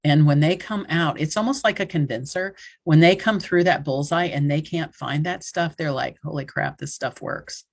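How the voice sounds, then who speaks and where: A woman's voice: sits low, moderate pace, hardly any pauses. Chatty woman in her sixties teaching. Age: 60s. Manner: chatty, acts out client quotes with gestures. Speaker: hypnotherapist teaching a technique. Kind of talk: conversational online workshop teaching.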